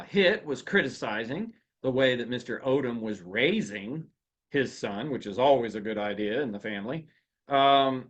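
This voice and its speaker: A man giving a live seminar on workplace rules, animated and often turning questions back to his audience. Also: mid-range voice. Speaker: workplace law and HR seminar speaker.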